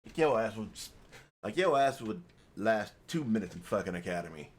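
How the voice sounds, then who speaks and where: A man's voice: lowish voice, lively intonation, moderate pace, a little hiss or hum. A young man giving casual, profane, rambling reaction commentary on a video as a gaming YouTuber.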